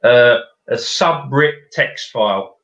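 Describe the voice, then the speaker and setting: A man's voice: mid-range voice, slow, a bit bright, echoey room, dull audio. A man with a South London accent, a podcast guest giving practical explanations in casual chat. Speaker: guest, video company director.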